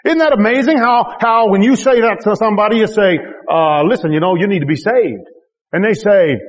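A man's voice: very high-pitched, expressive, fairly quick, big-room sound. A man pastor preaching a sermon to his congregation, emphatic and repetitive, with joking asides. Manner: emphatic, repeats key phrases with rising intensity. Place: church.

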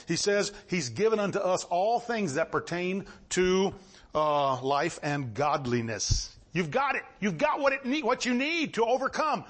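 A high-voiced male preacher delivering a sermon with lots of movement in his delivery. He reads old-fashioned scripture in a measured tone, then climbs into excited, ringing exclamations. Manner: animated, swings from low reading to high exclamations; reads scripture in King James wording.

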